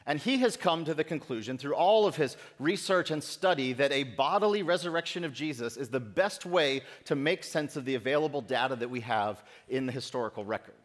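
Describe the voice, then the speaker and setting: A middle-aged man preaching a sermon as pastor, in a conversational way with self-deprecating humor. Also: fairly high pitch. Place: church sanctuary. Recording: echoey church sanctuary.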